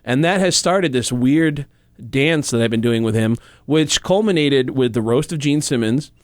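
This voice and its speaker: A male comedian and impressionist telling anecdotes in animated, quick casual storytelling. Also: medium pitch, no room sound, clean studio sound.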